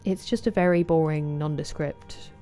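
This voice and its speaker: A woman's voice: sits low, fairly even intonation, normal speed, dark tone, soft background music. A woman from southeast England with a southeast English accent, chatting casually with live viewers while streaming a game and greeting them by name.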